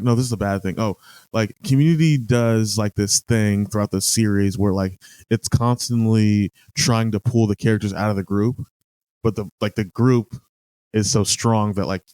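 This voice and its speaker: A man with a somewhat low voice co-hosting a podcast, chatting casually and packing his talk with fillers. His sound is dry and close, with no room echo. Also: a little mellow, smooth. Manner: laughs often, filler-heavy. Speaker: podcast co-host. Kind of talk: casual chat.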